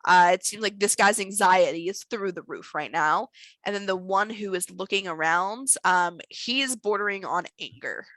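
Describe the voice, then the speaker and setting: A woman narrating as game master of a tabletop role-playing game, relaxed, with many fillers. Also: medium pitch, normal speed, no room sound, rough recording.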